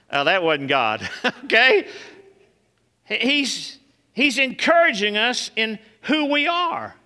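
A man preaching a sermon as a pastor, swinging from loud emphatic peaks to soft low passages and calling out to the congregation. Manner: emphatic, rises loud and high on key points, drops soft and low for quiet moments; calls out to the congregation. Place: church sanctuary. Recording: long hall reverb.

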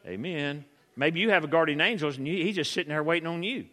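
A man preaching a sermon, acting out reactions with sudden shouts. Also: a little high, quick pace, long reverb tail.

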